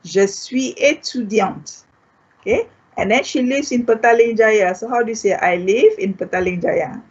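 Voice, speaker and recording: A Malaysian woman teaching a beginners' French class online, patiently repeating each word in slow, clear steps. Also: on the high side. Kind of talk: online language lesson. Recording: dull lo-fi online class audio.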